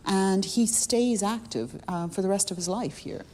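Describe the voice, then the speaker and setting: An English woman expert explaining history in an interview, thoughtful and measured. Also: medium pitch, darkish tone, slight background noise. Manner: thoughtful, with restarts. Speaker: expert guest.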